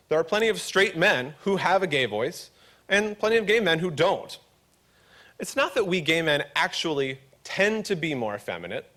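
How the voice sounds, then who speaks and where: A man from Pennsylvania with a gravelly voice, giving a public talk at a conference with wry, joking asides, at times a little mumbling. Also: on the high side, sharp tone. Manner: slightly mumbling when not projecting. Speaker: conference speaker.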